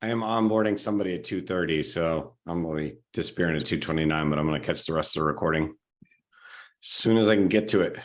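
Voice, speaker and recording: Deep-voiced man on a team call. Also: fast. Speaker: meeting participant. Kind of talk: casual meeting talk.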